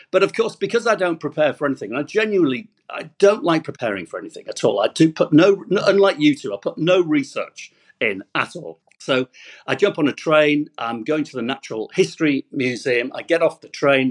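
A middle-aged man tells a story on a podcast in a husky voice that sits a touch high. He is lively and laughs at himself as he goes. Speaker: podcast guest. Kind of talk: casual anecdote telling.

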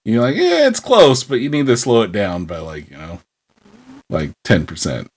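A man in casual podcast banter, his pitch moving widely up and down. He talks loosely, with casual swearing and animated outbursts. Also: moderate pace. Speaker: podcast co-host. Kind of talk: casual chat.

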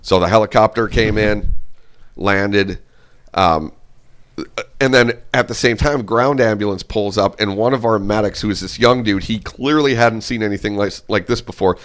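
Lower-voiced man telling a war story. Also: normal speed. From Minnesota. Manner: animated, swearing, acts out quotes in raised voices. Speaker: guest, veteran telling his story. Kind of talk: casual storytelling interview.

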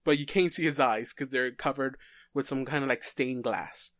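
A man casually pitching a fantasy story, halting often and restarting his sentences. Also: fairly bright tone, dry recording, clean studio sound. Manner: halting, many fillers and restarts.

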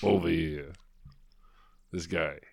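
Deep-voiced New York man, rambling podcast chat. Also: fairly even intonation, slow pace, creaky, a crowd in the background. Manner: rambling, laughs often, lots of "like". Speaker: podcast co-host. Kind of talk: casual chat.

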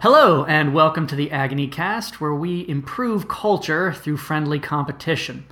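A man's voice: a little high, expressive, moderate pace, a bit bright, soft background music. A man hosting a comedy podcast in a casual way, hesitating often with fillers. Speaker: podcast host.

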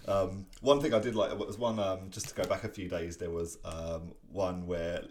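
A man's voice: deep voice, steady tone, moderate pace, darkish tone. A man co-hosting a casual podcast, chatting about comic strips with frequent hesitations and chuckles. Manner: hesitant, many fillers and restarts, chuckling. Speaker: podcast co-host.

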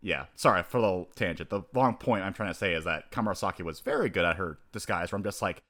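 A man co-hosting a podcast in casual chat, animated, acting out characters' lines and his own reactions and laughing often. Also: sits low, fast talker. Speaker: podcast co-host.

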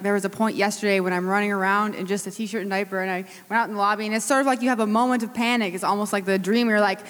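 A chatty woman guest tells a self-deprecating story on a panel. Her voice sits at a middle pitch. Long hall reverb rings around her. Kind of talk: casual panel anecdote.

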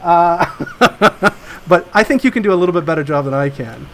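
A man's voice: on the high side, lively intonation, fairly quick, slight background noise. Joking male podcast co-host. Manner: joking, playful. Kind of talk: casual podcast chat.

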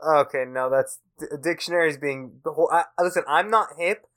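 A man's voice: a little high, a little fast, fairly bright tone. A man co-hosting a podcast, chatting casually, laughing and stumbling over his words. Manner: giggly, stumbling restarts. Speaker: podcast co-host. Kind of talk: casual chat.

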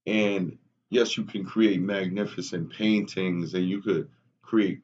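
A man in his twenties telling a family story in casual podcast chat, animated and laughing often. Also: deep voice, slow, highs cut off. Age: 20s.

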